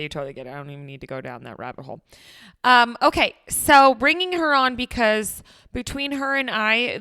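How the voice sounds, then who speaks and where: A young woman hosts her own motivational podcast, excitable and bubbly, full of pep talk and playful tangents. Her voice is bright and forward, and her pitch sits in the middle for a woman. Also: no echo, clean studio sound. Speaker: podcast host. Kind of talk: upbeat motivational podcast chat.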